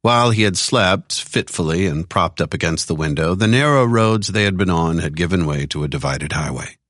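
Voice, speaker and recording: A man narrating a thriller audiobook with expressive storytelling. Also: low-pitched, moderate pace, no echo, clean studio sound. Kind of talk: scripted narration.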